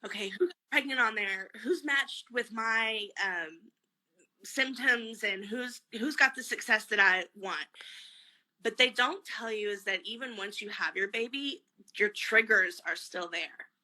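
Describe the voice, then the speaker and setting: Woman, very bright voice, tearful, candid, halting speech, video call. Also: a little high, poor audio. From family from Mexico. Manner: tearful, candid, trailing off with many fillers. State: close to crying. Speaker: guest. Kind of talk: emotional personal interview.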